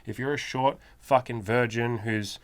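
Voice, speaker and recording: A man's voice: mid-range voice, steady tone, unhurried. A man who is a self-improvement coach and podcast host, talking in a blunt, emphatic, profanity-laden motivational style.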